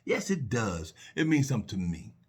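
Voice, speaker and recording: A man's voice: on the low side, big pitch swings, normal speed, slightly rough. A middle-aged man sharing personal reflections on faith and love, earnest and repetitive, full of rhetorical questions and restarts.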